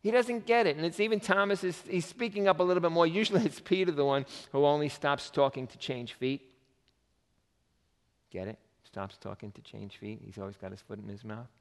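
A man's voice: on the high side, fairly quick. A man preaching a sermon who jokes with his listeners and acts out the voices of the people in his story. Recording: long reverb of a hall.

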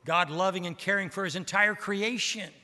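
A man preaching a sermon as pastor of a church, emphatic and swinging between loud and hushed delivery. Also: high-pitched, moderate pace, in a large hall.

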